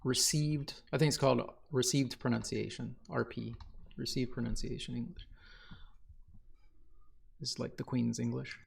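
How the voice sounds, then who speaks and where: A man's voice: mid-range voice, level tone, moderate pace, vocal fry, long pauses, husky. A man from Ohio, co-hosting a podcast, chatting casually in a rambling way, full of fillers and restarts. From Ohio, USA. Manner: rambling, filler-heavy, self-correcting. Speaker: podcast co-host. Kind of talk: casual chat.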